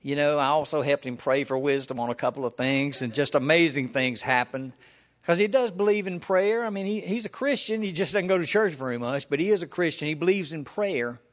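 A man's voice: fairly high pitch, fairly quick, fairly bright tone. Folksy older man preaching. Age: 70s. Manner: homespun, chuckling, storytelling. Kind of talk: folksy sermon with personal stories.

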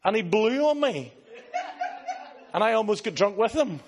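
A man with an Irish accent, a pastor preaching a sermon and telling stories in an animated way, slipping into other people's voices. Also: high-pitched, normal speed, noisy background. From Ireland.

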